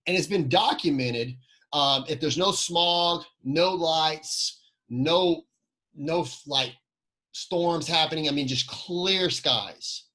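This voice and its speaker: A man's voice: on the high side, slow, pushed and bright, poor audio. A man giving a motivational training talk, telling personal stories, asking the audience questions and repeating key phrases.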